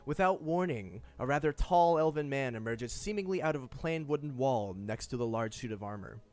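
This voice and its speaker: Lively, laughing game master narrating. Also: male voice, medium pitch, brisk. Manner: descriptive, laughs easily.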